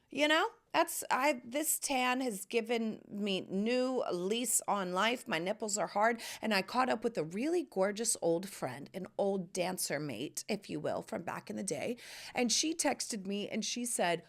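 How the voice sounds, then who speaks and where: Animated, foul-mouthed American woman host. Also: medium pitch, unhurried, vocal fry. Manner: profane, animated, swings from hushed asides to loud exclamations. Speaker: podcast host. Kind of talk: casual monologue.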